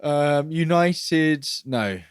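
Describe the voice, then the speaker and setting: A man co-hosting a podcast, chatty and jokey, with lots of quick agreement. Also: fairly high pitch, lively intonation, clear, resonant tone, no room sound, studio quality. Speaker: podcast co-host. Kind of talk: casual chat.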